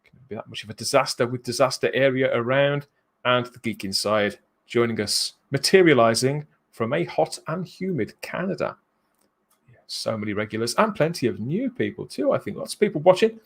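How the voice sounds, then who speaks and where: A man's voice: mid-range voice, expressive, fairly quick, vocal fry. A man hosting a live fan show, chatty and jokey, laughing often as he greets viewers. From England. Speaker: livestream host. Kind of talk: casual live show chat.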